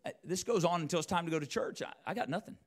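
A man's voice: on the high side, very fast, slightly rough. Man, preacher, storytelling sermon, acts out the dialogue, church setting. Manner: animated, acts out both sides of dialogue. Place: church sanctuary.

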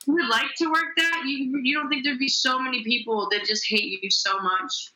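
Very bright-voiced young comedian woman. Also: high-pitched, steady tone, poor audio. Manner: quick, self-deprecating, wry. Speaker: comedian guest. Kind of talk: casual podcast chat.

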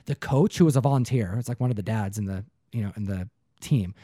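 A young man co-hosting a casual chat, telling stories in an animated way, often slipping into put-on voices and saying "dude" a lot. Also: lowish voice, fast, no room sound, clean studio sound. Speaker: podcast co-host.

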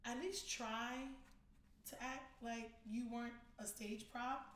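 A woman's voice: on the high side, takes it slowly, roomy sound. A woman co-hosting a casual gossip chat, telling stories with acted-out quotes and plenty of swearing. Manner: animated storyteller, acts out quotes, swears freely. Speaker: podcast co-host.

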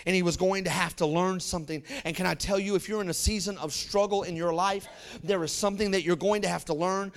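A man preaching to his congregation, talking in a loose, colloquial way and calling out to the room. His voice sits high and has a gravelly edge. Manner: lively storytelling, acting out characters in quick voices. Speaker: pastor. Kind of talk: sermon.

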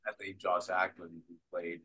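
Actor guest, male, bright forceful voice, animated storyteller. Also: sits low, normal speed, slightly rough. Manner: animated, restarts sentences often. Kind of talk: casual interview storytelling.

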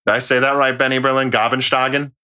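A man's voice: mid-range voice, lively intonation, moderate pace, crowd noise. A man co-hosting a podcast in casual chat, joking, swearing and stumbling over foreign words. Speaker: podcast co-host. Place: home recording during quarantine.

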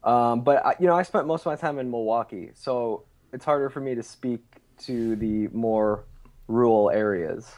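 A man's voice: medium pitch, normal speed, hardly any pauses, a little mellow. A man from Chicago co-hosting a casual podcast chat, dry and understated with short answers. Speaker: podcast co-host.

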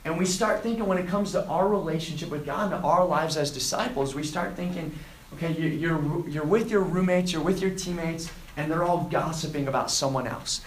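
A man preaching to students, retelling a scripture story and acting out the quoted lines with lively emphasis. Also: a little high, normal speed, reverberant, a little hiss or hum, rough recording. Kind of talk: sermon to a student group.

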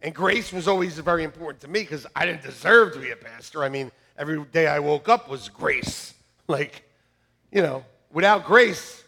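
A man preaches from a church pulpit, his voice bright and a touch high. He tells stories with energy, going from loud, near-shouted bursts to soft, hushed asides. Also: normal speed, vocal fry. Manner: animated storytelling, shifting from loud outbursts to quiet asides. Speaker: pastor. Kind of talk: sermon. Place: church sanctuary.

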